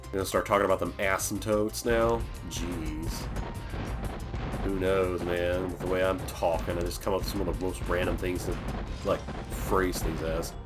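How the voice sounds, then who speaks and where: A man's voice: sits low, fairly even intonation, moderate pace. A young man from Florida casually commentating a video game, rambling and joking on tangents. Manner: rambling, jokey, going off on tangents. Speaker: let's play host. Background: game music.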